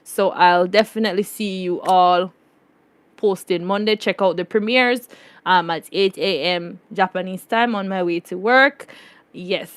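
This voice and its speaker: A woman's voice: mid-range voice, measured pace, smooth. A woman with a Jamaican accent hosting a casual storytime vlog, laughing often and repeating catchphrases in patois. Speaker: YouTube host.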